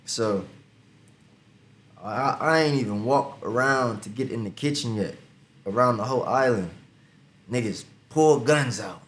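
A man's voice: mid-range voice, measured pace, long pauses, a bit bright, slight background noise. A young man from Ohio telling a story in casual street slang, often saying "you feel me". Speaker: guest, upcoming rapper.

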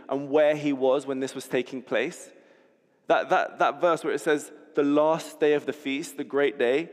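A man preaching a sermon, telling a scene vividly and often restarting words as he goes. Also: on the high side. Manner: vivid storytelling, repeats words when restarting. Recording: long hall reverb.

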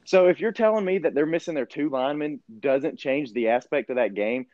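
A young man co-hosting a football recap, his fairly high voice jumping up whenever a call outrages him. He argues with incredulous energy. The sound is dry and a little dull and lo-fi. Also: brisk, no echo. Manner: excitable, incredulous, rising to near-shouts when riled. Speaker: sports podcast co-host. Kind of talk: animated sports debate.

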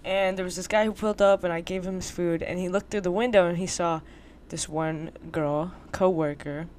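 A woman's voice: lowish voice, normal speed, slight background noise. A young adult woman co-hosting a podcast, chatting casually with lots of slang and acting out conversations as she tells a story. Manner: slangy and animated, acting out quoted exchanges. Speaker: podcast co-host. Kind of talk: casual chat.

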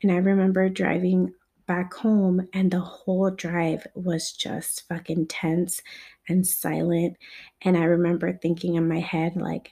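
Woman, personal storytelling, candid and blunt, lowish voice, gravelly fry. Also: level tone, mellow. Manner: candid, halting and blunt, with frequent swearing.

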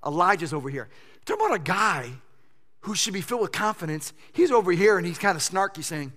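A man pastor preaching a sermon in a church sanctuary, animated and swinging between loud shouting and hushed intensity. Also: high voice, brisk. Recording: long church-hall reverb.

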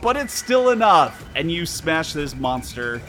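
A man running an improvised horror game as game master, narrating with teasing drama and sudden jumps in pitch. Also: big pitch swings, a little slow, fairly bright tone, faint music behind.

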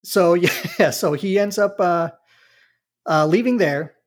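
A man's voice: sits high, takes it slowly. A man chatting casually as a podcast co-host, retelling a scene with amused, rambling restarts. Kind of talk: casual chat.

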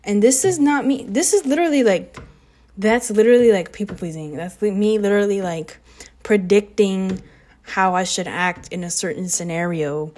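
A teenage girl who is a high school student, rambling and oversharing in a casual confessional vlog at home, sarcastic and full of fillers. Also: normal speed, a little mellow. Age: teens. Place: home living room.

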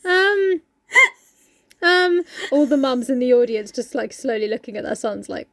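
A woman's voice: high-pitched, lively intonation, a little slow, no room sound. A woman, joking in casual chat and mock-quoting characters. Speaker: podcast co-host.

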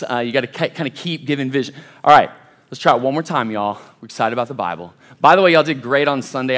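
A man's voice: mid-range voice, fairly bright tone. A young man preaching a casual sermon as a college pastor, chatty and self-deprecating, calling the crowd "y'all". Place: church service.

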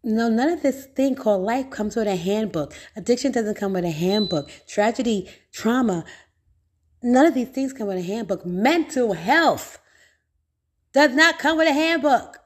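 A middle-aged woman preaching straight to her listeners, raw and full of swearing, calling them baby and y'all. She hammers her points home with repetition and gets louder as she gets worked up. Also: on the high side, moderate pace. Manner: emphatic repetition, rising with excitement. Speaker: podcast host. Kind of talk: motivational monologue.

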